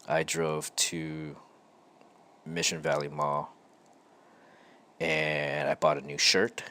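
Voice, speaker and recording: A man hosting his own show, telling a personal story in a slow, halting and reflective way with frequent pauses. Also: deep voice, a bit bright. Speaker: podcast host.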